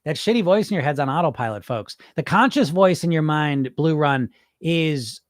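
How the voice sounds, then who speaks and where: A man's voice: a little high, animated, moderate pace, dry recording, studio quality. Blunt, profane man hosting a live stream. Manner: blunt, profane and emphatic, firing rhetorical questions. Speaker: podcast host and hypnotist. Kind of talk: casual live-stream talk answering chat comments.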